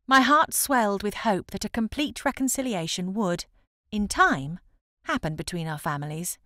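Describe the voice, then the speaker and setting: Woman, audiobook narration, animated up-and-down delivery, close dry sound. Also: mid-range voice, normal speed, dry recording. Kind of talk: scripted first-person audiobook narration.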